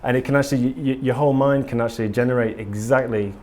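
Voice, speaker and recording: This man's casual conference talk, given to a live audience in a conference room, is earnest and rambling, peppered with ums and restarts. His medium-pitched voice is a little mellow, quick-paced, with fairly even intonation.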